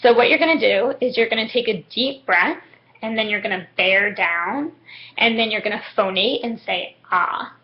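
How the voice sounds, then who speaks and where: A young woman calmly explaining speech therapy techniques step by step, with frequent "um"s. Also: on the high side, moderate pace. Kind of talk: instructional demonstration. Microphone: webcam. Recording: muffled webcam audio.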